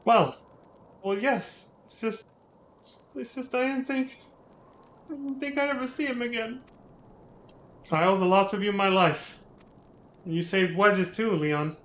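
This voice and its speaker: A man reading as a gruff grateful engineer. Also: high voice, a little slow, pauses often, fairly bright tone, roomy sound. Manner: earnest, emotional reading of game dialogue. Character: gruff middle-aged male airship engineer.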